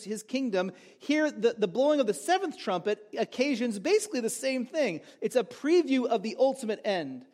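A middle-aged male pastor giving a sermon in a conversational way, asking rhetorical questions and joking with the congregation. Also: high-pitched.

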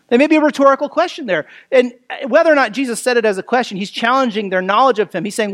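A man with a high voice preaches a sermon in a conversational way. He leans on fillers like "you know" and "right", and poses rhetorical questions as he walks through the text. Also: animated, rapid-fire, hardly any pauses, fairly bright tone. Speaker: pastor. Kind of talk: expository sermon.

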